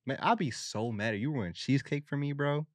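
A young man co-hosting a podcast in casual chat, slangy and quick to laugh. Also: mid-range voice, no echo, studio quality. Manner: slangy, laughs often, acts out quick voices. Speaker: podcast co-host.

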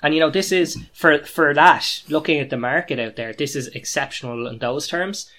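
A man's voice: on the high side, moderate pace, pushed and bright. An Irish man co-hosting a beer podcast, chatting casually and giving his verdict on a beer. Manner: chatty, joking, reviewing beer. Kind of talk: casual chat.

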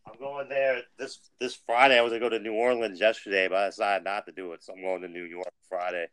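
A man's voice: fairly low pitch, level tone, fast talker, a bit bright, clean tone, dry recording. A man co-hosting a casual podcast, brash and boastful, talking big in a streetwise, trash-talking manner. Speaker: podcast co-host.

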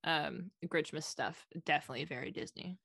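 A young woman, a podcast guest, chatting casually and excitably with lots of fillers. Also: deep voice, moderate pace, vocal fry, slightly rough, no echo, studio quality.

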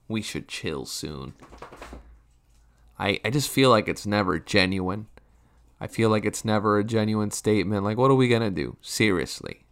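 A man's voice: on the low side, a little fast, clean tone. Rambling, profane man ranting about life. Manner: rambling, profane, self-mocking, frequent restarts. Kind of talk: casual comedic rant.

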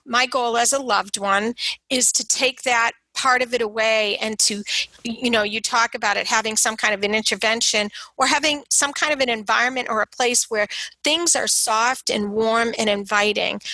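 A woman's voice: fairly high pitch, normal speed, bright, forceful tone, no room sound, low-quality recording. A woman talking earnestly about supporting a son through substance use, often acting out quoted dialogue. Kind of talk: casual conversation on recovery support.

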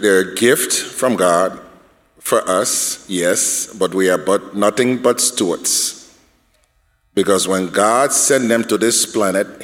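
A man's voice: lowish voice, long reverb tail. A man speaking as a panelist at a church discussion, earnest and repeating himself as he builds a point.

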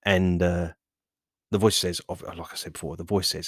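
A man's voice: low-pitched, flat delivery, normal speed, breathy edge, dry recording, clean studio sound. A man hosting a fitness podcast, talking in a rambling, self-correcting monologue. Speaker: podcast host.

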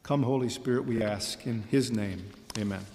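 Male pastor, mid-pitched, impassioned sermon delivery, hard repetition, echoing sanctuary. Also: normal speed, dark tone, slight background noise. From Michigan, USA. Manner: impassioned, rhetorical questions, repeats key phrases. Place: church sanctuary. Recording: reverberant church hall.

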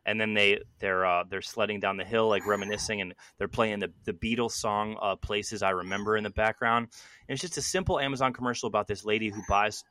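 A man hosting a podcast, talking casually in a relaxed way with some fillers. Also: lowish voice, a little fast. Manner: relaxed, easygoing, uses fillers. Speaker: podcast host.

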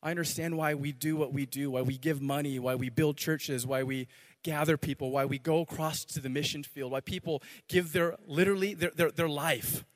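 Male pastor, high-pitched, animated preaching in a big reverberant church. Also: normal speed. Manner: animated, repeats words, swings loud to soft. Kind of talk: sermon. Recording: long hall reverb.

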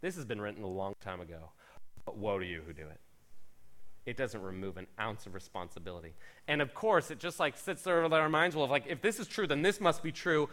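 A man pastor preaching a sermon in an animated, conversational way with playful asides. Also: mid-range voice, fast.

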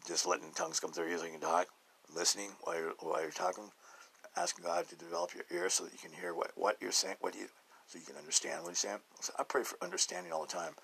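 A man hosting a casual spiritual podcast monologue, rambling and chuckling often, dropping to hushed murmurs and then jumping to loud bursts. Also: low-pitched, vocal fry, husky, low-quality recording. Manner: chuckles often between thoughts. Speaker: podcast host.

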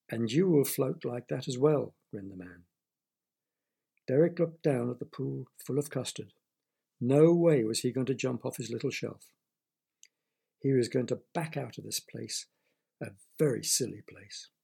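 Man reading a bedtime-type kids story, gravelly and kinda husky, chatty asides. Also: mid-range voice. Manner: gentle, playful asides to the listener.

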